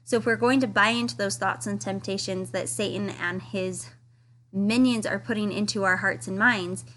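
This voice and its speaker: A woman's voice: mid-range voice, steady tone, normal speed, a bit bright, slight background noise. A woman giving a casual, earnest devotional study talk, reading quotes aloud with enthusiasm. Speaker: scripture study teacher.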